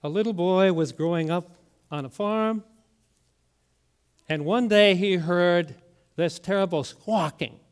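A middle-aged man preaching a sermon as pastor, telling stories and dropping to a near hush on the words that matter. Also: sits high, slow, pauses often, clean tone. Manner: storytelling preacher, drops to a hushed voice on key words.

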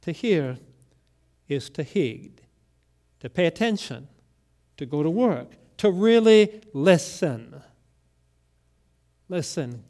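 Male pastor, sermon delivery, high voice, unhurried, dramatic loud-to-hushed swings. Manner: deliberate, with dramatic swings between loud emphasis and near-whispered lines.

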